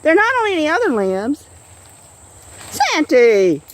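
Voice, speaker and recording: Excitable woman cooing outdoors. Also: sits high, a little slow, a little hiss or hum. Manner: excitable, coos at her kitten. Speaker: vlogger. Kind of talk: casual nature vlog. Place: outdoors in the woods.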